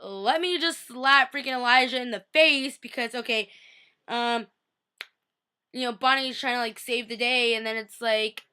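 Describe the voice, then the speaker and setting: A woman vlogger chatting casually through a TV episode recap, animated and full of fillers. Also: on the high side, moderate pace, smooth.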